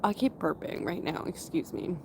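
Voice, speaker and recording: A woman in her thirties from Canada, casually chatting with her livestream viewers in a slow, rambling way, with a runny nose. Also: on the low side, lively intonation, gravelly, background noise. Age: 30s. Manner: slow, rambling and chatty, with frequent fillers and laughs. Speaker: livestream host. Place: outdoors in a forest area.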